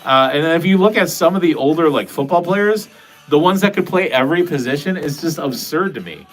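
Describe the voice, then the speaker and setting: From his home basement, a man livestreams with a fairly high, fairly quick voice, answering viewer comments casually in a rambling, profane, self-mocking way. Faint music plays behind him.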